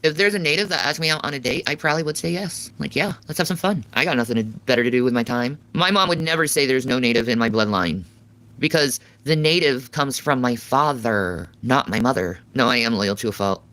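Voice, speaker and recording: A woman's voice: a bass voice, brisk, a bit bright. A woman streaming live, reading and answering her chat in a crude, sarcastic, swearing way.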